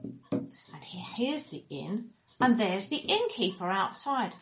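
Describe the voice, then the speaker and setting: A woman telling a children's story in an animated, expressive way, acting out the characters and making sound effects. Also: mid-range voice, a little slow. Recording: dull lo-fi recording.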